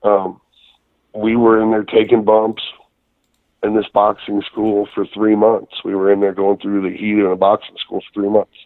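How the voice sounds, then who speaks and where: A man's voice: on the low side, completely flat delivery, normal speed, no echo. A man, a guest wrestler, telling rambling, profane stories with many fillers in a casual interview, calling in by phone. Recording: tinny phone line.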